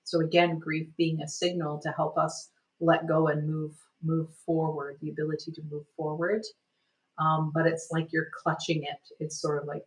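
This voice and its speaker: A woman energy healer guiding a healing session, speaking gently and soothingly, meandering with many "like"s and "sort of"s. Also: sits low, flat delivery, moderate pace, low-quality recording.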